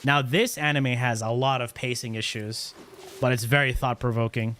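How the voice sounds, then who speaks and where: Excitable man chatting on a live stream. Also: mid-range voice, slight background noise. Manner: rambling, excitable, quick opinions. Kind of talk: casual live-stream chat.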